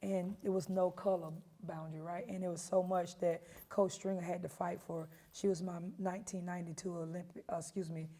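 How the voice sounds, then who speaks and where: Low gravelly woman coach. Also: a little fast, hardly any pauses. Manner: emphatic, animated storyteller. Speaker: head coach. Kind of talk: storytelling interview.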